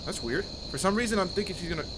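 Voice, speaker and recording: Excitable man yelling through a horror game. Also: high voice, rapid-fire, noisy background. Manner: excitable, yelling and swearing in panic. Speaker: gaming YouTuber. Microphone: headset or desk mic, no face cam. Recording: music playing behind.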